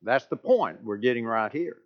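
A man preaches a sermon at a moderate pace, his intonation lively as he leans hard on key points and lifts his pitch to stress them. His manner is emphatic throughout. The recording is dull and lo-fi.

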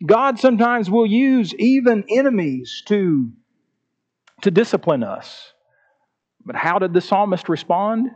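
A man preaches a sermon in a high, ringing voice, stretching out key words for emphasis. The recording sounds dull and lo-fi. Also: expressive, a little mellow. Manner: preaching with emphatic, drawn-out phrases and repeated words. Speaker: pastor.

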